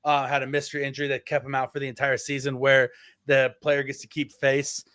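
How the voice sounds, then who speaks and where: Fairly quick and monotone, a man with a mid-range, slightly bright, clean-toned voice co-hosts a casual sports podcast. He rambles, piles on fillers, and restarts to correct himself. The audio has no room sound and is studio quality.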